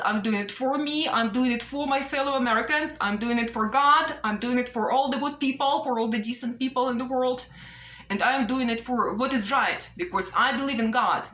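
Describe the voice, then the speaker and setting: A woman making an earnest, pleading appeal straight to the viewer, talking slowly and repeating herself, often tagging her sentences with "yeah?". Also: fairly high pitch, fairly bright tone, slight background noise. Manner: slow, repetitive, pleading, ends phrases with "yeah?". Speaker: vlogger. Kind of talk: earnest direct-to-camera appeal. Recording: roomy echo.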